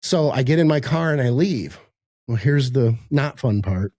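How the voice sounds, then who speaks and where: A man's voice: medium pitch, moderate pace, no echo, clean studio sound. Older man telling a profane story with gusto. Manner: animated storyteller, acts out quotes, laughs often, profane. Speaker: podcast guest. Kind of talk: storytelling in casual podcast chat. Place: home office in a high-rise.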